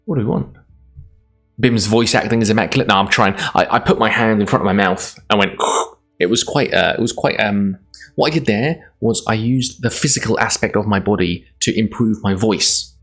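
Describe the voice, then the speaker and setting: A man's voice: on the low side, normal speed, fairly bright tone, soft background music. A Scottish man streaming live, reading a gamebook aloud in a chatty, self-deprecating way, laughing often.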